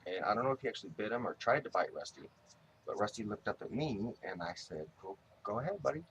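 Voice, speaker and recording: Man, very low voice, casual tribute to his dog, rambling, halting restarts, fond. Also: lively intonation, a bit bright, slight background noise. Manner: fondly addresses his dog directly. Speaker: dog owner giving a tribute.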